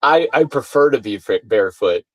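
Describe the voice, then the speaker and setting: Man, casual video-call chat, animated storyteller, swears, dry mic. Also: mid-range voice, a little fast, no room sound, rough recording. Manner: animated storytelling, swears, acts out shouted quotes. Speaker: podcast guest. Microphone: video call mic, sounds far away.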